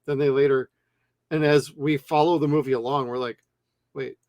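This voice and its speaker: A man co-hosting a movie review show, talking casually and bluntly with lots of swearing and animated retellings. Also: mid-range voice, normal speed, dry recording, studio quality. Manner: blunt, profane, animated storytelling. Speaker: movie review podcast co-host.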